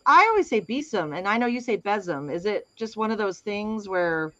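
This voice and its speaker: A chatty woman talks in a bubbly, giggly way, hopping from thought to thought. Her voice is bright, and the recording has a slightly dull, lo-fi tone. Her pitch sits in a middle range. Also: lively intonation, brisk, dry recording. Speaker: co-host. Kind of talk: casual chat.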